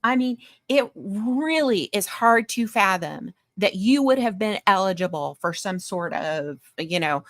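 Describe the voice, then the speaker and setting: A woman hosts a commentary show in a mocking, lecturing tone. Her voice sits at an ordinary pitch. The sound is dry and close, with no room around it. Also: expressive, unhurried, fairly bright tone, no echo. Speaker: commentary host. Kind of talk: commentary on streamer clips.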